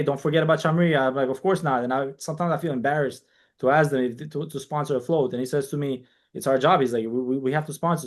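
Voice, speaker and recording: Animated storytelling man, slightly high voice. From New York. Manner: animated storyteller, quotes people in dialogue, frequent restarts. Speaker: guest, community organization founder. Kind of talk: casual podcast interview.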